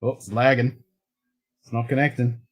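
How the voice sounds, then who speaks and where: Brief: Australian male host, mid-pitched, laid-back, salty-mouthed livestream banter. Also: flat delivery, normal speed. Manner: blunt, swears constantly, laid-back. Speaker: show host. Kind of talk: casual livestream chat.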